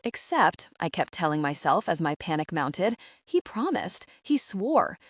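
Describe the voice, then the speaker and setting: A woman's voice: on the low side, very animated, unhurried, no room sound, studio quality. A young woman reading a first-person young adult audiobook in a wry, confiding and emotional way. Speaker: audiobook narrator.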